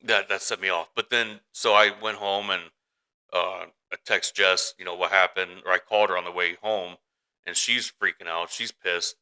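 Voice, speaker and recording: A man's voice: sits low, fairly even intonation, normal speed, pushed and bright, clean tone, poor audio. A man co-hosting a casual podcast who tells a rambling story as a worried father, with many restarts and acted-out quotes. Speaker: podcast co-host. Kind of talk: casual chat.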